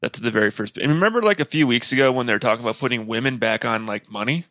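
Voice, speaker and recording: A man chatting on a podcast, with a lively, swooping delivery and a gravelly edge of vocal fry. He swears casually as he talks. The recording is dry and close. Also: mid-range voice, very fast, no echo. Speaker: podcast co-host. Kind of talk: casual chat.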